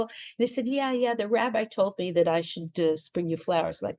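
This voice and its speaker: A woman hosting a talk show, giving casual marriage advice in an animated way, laughing often and acting out quoted voices. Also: mid-range voice, fairly quick. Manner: frequent restarts and fillers.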